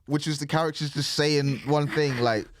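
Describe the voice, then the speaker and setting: A man co-hosting a podcast, rambling and swearing casually in relaxed chat. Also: on the high side, normal speed, no echo, clean studio sound. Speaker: podcast co-host.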